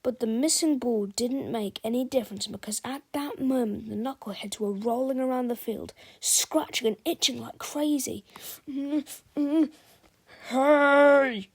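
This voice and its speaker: A woman's voice: fairly high pitch, normal speed, few pauses, slightly rough. A woman reading a children's book aloud, telling the story expressively and speaking to the listener directly. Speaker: storybook reader.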